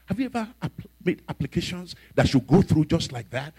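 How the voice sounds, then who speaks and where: A man, a bishop, telling a story in a sermon in an animated way, acting out the voices of the people in it. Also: on the high side, a little fast, husky. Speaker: bishop and preacher.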